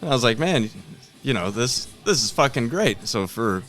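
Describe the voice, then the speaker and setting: A man's voice: mid-range voice, big pitch swings, brisk, a bit bright, faint music behind. A man in a casual podcast chat who talks bluntly, swears a lot and calls people dude.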